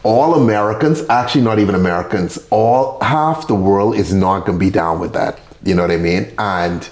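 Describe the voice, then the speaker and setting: A man hosting a podcast, talking in a loose, profane, animated way with frequent restarts. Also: fairly low pitch, normal speed, roomy sound. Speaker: podcast host. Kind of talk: casual chat.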